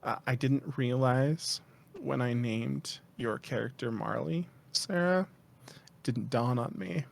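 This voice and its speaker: Male game master, mid-pitched gravelly voice, halting casual narration. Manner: relaxed, halting narration with many fillers.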